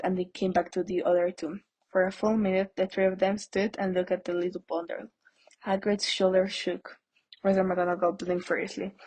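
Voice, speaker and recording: A woman's voice: mid-range voice, darkish tone, breathy edge, poor audio. A woman hosting a podcast, reading an audiobook aloud in a plain way with small stumbles. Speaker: podcast host, audiobook reader. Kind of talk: amateur audiobook narration.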